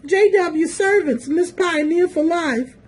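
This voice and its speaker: Sassy high-voiced woman commentator. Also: darkish tone. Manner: sassy, calls viewers boo and honey. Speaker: video commentator. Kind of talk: casual mocking commentary.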